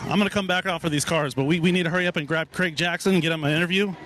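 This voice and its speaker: A man's voice: a little high, steady tone, very fast, a bit bright, slight background noise. A man hosting a walking live stream at an outdoor car show, upbeat and hyping the crowd, a little out of breath.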